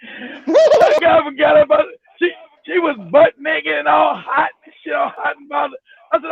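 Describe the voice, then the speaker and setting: A man's voice: extremely high pitch, lively intonation, moderate pace, vocal fry, dry recording. A middle-aged man telling a crude, profane story with laughter, acting out quotes, over a phone call. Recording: tinny phone line.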